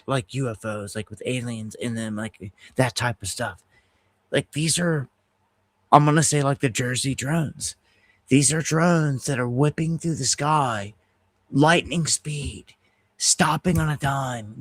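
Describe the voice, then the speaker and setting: A middle-aged man hosting a casual livestream, telling a story in an animated, heated way and restarting his sentences often. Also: mid-range voice, no room sound. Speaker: host of an independent news livestream.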